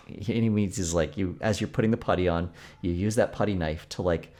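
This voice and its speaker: Man, podcast co-host, casual chat, animated, exasperated storytelling. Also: low-pitched, fairly quick.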